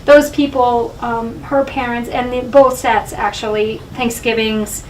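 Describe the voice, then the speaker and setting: A middle-aged woman from Massachusetts giving an animated talk about her own life at a library, recorded from a distant room mic. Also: on the high side, measured pace, slight background noise. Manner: animated storyteller, often laughing. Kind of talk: personal storytelling talk.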